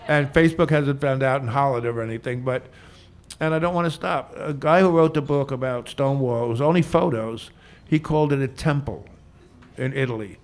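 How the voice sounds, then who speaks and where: A man's voice: medium pitch, fairly quick. Chatty, joking older bartender man. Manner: chatty, joking, laughs a lot. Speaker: veteran bartender, guest. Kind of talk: storytelling in a Q&A.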